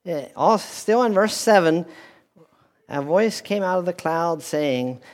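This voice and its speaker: A man delivering a sermon in a slow, measured way, his voice sitting a little higher than most men's. He repeats key phrases and restarts lines as he preaches. The sound carries a long hall reverb, as from a church with a speaker system. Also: a little mellow. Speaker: pastor.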